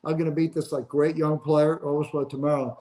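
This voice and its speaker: A man in his seventies speaks as a guest on a sports interview, his voice sitting a little high. He tells stories in a casual, animated way and laughs as he goes. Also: fast, low-quality recording. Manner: animated, laughs through anecdotes. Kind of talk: casual storytelling.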